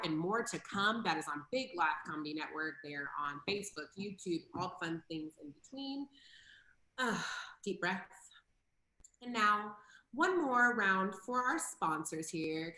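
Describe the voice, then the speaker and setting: A woman's voice: mid-range voice, pushed and bright. A woman co-hosting a comedy stream, bantering casually and plugging shows and donations in a brash, playful, self-deprecating way. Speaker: comedy show co-host. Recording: roomy echo.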